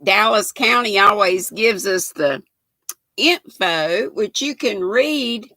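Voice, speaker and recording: A woman's voice: medium pitch, expressive, slow pace, sharp tone, no echo. An older woman hosting a casual livestream, chatting with viewers by name and reading trivia aloud. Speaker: livestream host.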